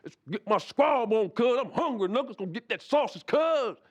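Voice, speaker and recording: A man doing a brash high-voiced street gang member. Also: lively intonation, moderate pace. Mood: aggressive. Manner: loud slangy swaggering street talk.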